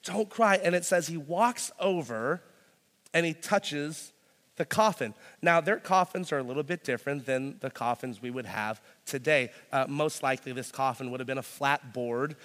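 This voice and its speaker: A man's voice: medium pitch, normal speed, fairly bright tone, big-room sound. A man preaching a sermon as a pastor, talking in a loose conversational way full of "like". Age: young adult to middle-aged, a parent. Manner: conversational, peppered with "like".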